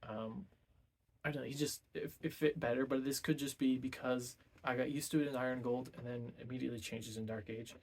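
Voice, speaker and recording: A man's voice: mid-range voice, steady tone, fairly quick, darkish tone. A man giving a casual, rambling book review full of ums and self-corrections.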